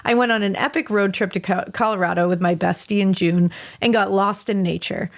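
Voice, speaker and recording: A woman's voice: mid-range voice, steady tone, a little fast. Chatty woman podcast host reading a story. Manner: chatty, laughs often, swears casually. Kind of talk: casual chat, reading listener stories aloud.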